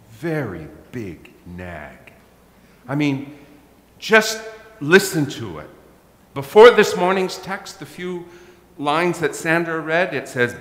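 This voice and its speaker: A middle-aged pastor preaching a sermon, telling a self-mocking story. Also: male voice, fairly high pitch, very animated, slow. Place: church. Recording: echoey church hall.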